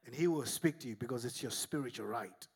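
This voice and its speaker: A pastor who grew up in Africa preaching a sermon, telling lively stories and then dropping to soft, hushed tones. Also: male voice, mid-range voice, fast talker, slightly rough. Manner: animated storytelling, swinging to soft and hushed.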